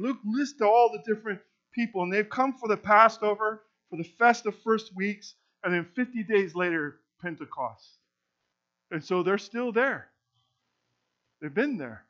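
High-voiced man teaching a sermon. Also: sharp tone. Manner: conversational, explains as he goes, stumbles and repeats words. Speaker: pastor teaching a Bible study. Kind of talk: sermon teaching with scripture reading. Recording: dull lo-fi recording.

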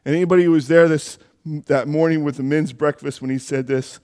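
High-voiced man preaching a sermon. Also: steady tone, fairly quick, a little mellow. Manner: conversational, with asides and self-corrections. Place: church.

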